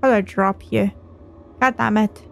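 A woman playing a video game and commenting as she goes, swearing often and getting loud and excitable, talking to the creatures on screen. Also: mid-range voice, moderate pace, vocal fry, slight background noise. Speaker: gamer. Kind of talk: let's play commentary.

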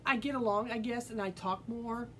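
A woman talks straight to her viewers, telling a personal story in a casual, earnest way. She rambles and restarts, with lots of fillers. A faint low rumble sits behind her voice. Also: normal speed, poor audio. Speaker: vlogger.

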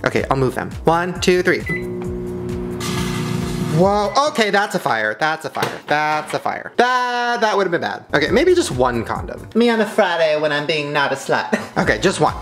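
Man, casual vlog host, excitable, shrieks and laughs, crude humor, very lively pitch, recorded at home. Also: a little fast, few pauses, over music. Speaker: YouTube host. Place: at home indoors.

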